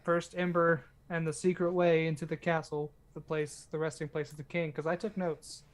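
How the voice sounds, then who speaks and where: A man's voice: on the high side, flat delivery, normal speed. A man playing a tabletop role-playing game over a voice call, joking and playful. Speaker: player. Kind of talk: casual tabletop chat.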